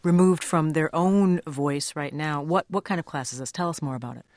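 A low-voiced woman anchoring a radio news segment. She speaks in a measured, clear broadcast manner, introducing her guest and asking questions. Her voice is close and dry in the studio. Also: darkish tone, no echo.

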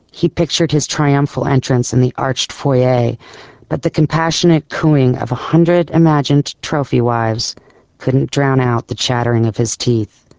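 Gravelly male audiobook narrator. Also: medium pitch, darkish tone, dry recording. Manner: measured, descriptive storytelling. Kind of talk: scripted narration.

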